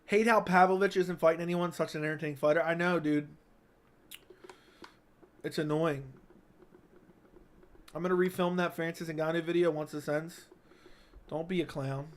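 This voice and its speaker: A man hosts a casual livestream from his home setup, reading out chat messages. He jokes crudely and needles his viewers, his voice sitting a bit high for a man. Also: steady tone, moderate pace, pauses often, a little hiss or hum. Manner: crude, joking, teasing chatters. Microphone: studio dynamic mic.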